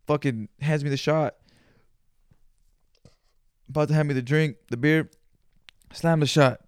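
A man hosting a solo podcast, telling a story in an animated, profane, slangy way with Spanish words mixed in. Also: fairly high pitch, unhurried, long pauses, smooth, no room sound, clean studio sound. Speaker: podcast host. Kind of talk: casual storytelling monologue.

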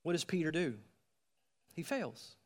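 A man's voice: fairly high pitch, sing-song, unhurried, long reverb tail. A man preaching a sermon, reading scripture and explaining it in an earnest, emphatic way, asking the listeners direct questions.

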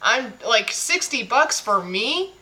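A woman's voice: a little high, sing-song, takes it slowly, pushed and bright, rough recording. A young adult woman in casual chat as a co-host, candid and self-deprecating about her tastes.

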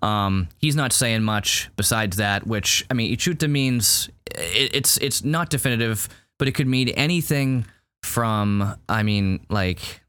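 A man's voice: lowish voice, a little slow, a bit bright, smooth. A man co-hosting a podcast, reviewing a show in casual chat, rambling with lots of fillers and restarts. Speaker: podcast co-host.

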